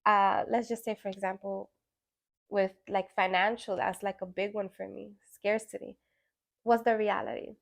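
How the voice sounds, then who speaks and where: Casting: woman, mid-pitched, relaxed conversational ritual host, filler-heavy and animated when telling stories. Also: moderate pace, creaky. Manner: conversational, many fillers and tag questions; animated storytelling with acted-out quotes. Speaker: full moon ritual guide. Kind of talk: casual reflective spiritual talk.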